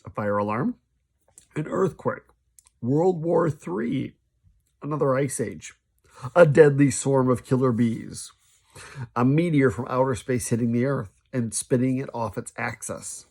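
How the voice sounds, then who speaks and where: A man's voice: mid-range voice, normal speed, gravelly. Man reading a children's story aloud. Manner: lively, stumbles and restarts. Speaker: storybook reader.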